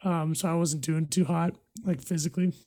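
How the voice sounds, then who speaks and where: A young man casually recounting travel memories, relaxed and hesitant with many fillers. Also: on the high side, a little fast. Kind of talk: casual storytelling chat.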